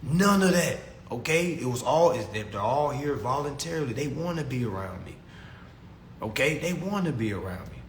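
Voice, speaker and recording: A man's voice: mid-range voice, expressive, normal speed, slight background noise. Slangy, preachy man in an echoey room. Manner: preachy, emphatic, repeats himself, slangy. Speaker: livestream host answering chat. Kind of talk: casual livestream monologue.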